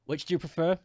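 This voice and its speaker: Lively man streaming a game. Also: fairly high pitch, no echo, studio quality. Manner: chatty, laughing, talking to chat viewers. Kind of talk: casual live-stream chat while gaming.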